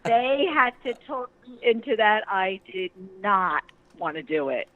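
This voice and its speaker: An older woman, a retired teacher, chatting warmly and emotionally as an interview guest, laughing often. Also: medium pitch, lively intonation, a little slow, no echo. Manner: chatty, giggly, emotional and effusive. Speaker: interview guest, wrestler's mother. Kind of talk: casual interview chat. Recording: tinny phone-like line, dry.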